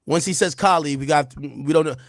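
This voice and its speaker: A man from Jamaica hosting a casual livestream, talking loud and animated, acting out quotes between laughs. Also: a little high, a little fast, no echo, clean studio sound. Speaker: streamer host.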